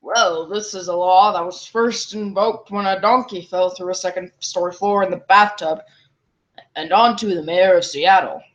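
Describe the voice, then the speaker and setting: A woman's voice: on the low side, fairly even intonation, moderate pace. A woman co-hosting a comedic fanfiction reading, reading aloud in a giggly, playful way. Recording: dull lo-fi recording.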